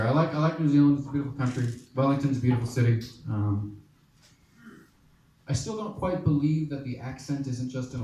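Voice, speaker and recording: A man's voice: mid-range voice, background noise. A man in his thirties doing a stand-up set, wry, profane and conversational. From United States. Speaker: stand-up comedian. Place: comedy club stage. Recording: echoey club recorded from a distance.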